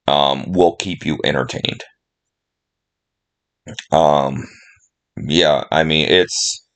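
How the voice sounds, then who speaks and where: A middle-aged man talks casually about favorite films in a very deep voice. He speaks slowly, rambling and emotional, with frequent fillers and restarts. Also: a bit bright. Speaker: movie vlogger. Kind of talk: casual movie talk.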